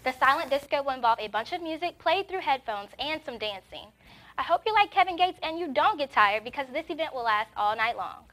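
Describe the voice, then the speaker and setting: A woman's voice: sits high, lively intonation, a little fast, a bit bright. A young woman presenting campus event announcements in a cheerful, breezy scripted read. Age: young adult.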